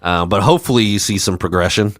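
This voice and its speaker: A man's voice: on the low side, fast talker, fairly bright tone, dry recording, studio quality. A man co-hosting a podcast in casual chat, rambling with many fillers and frequent laughs. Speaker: podcast co-host.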